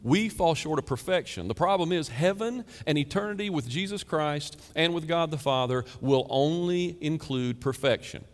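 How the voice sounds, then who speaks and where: A man's voice: on the high side, expressive, normal speed, hardly any pauses, in a large hall. A man preaching a sermon in an emphatic, conversational way, asking rhetorical questions and answering them himself.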